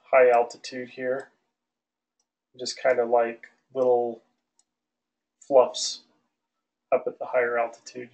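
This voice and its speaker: A male aviation instructor lecturing an online class in a relaxed, loose way, with many fillers and restarts. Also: medium pitch, rough recording. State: out of breath.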